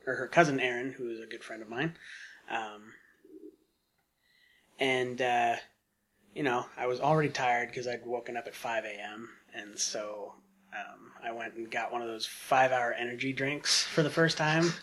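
A man's voice: medium pitch, steady tone, normal speed, a bit bright. A man telling a long casual story on a podcast, rambling with lots of fillers and asides. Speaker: podcast guest.

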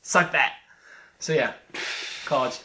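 A young man hosting a casual podcast chat, upbeat and quick to laugh, reading listener mail aloud. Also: mid-range voice, heavy background noise. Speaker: podcast host.

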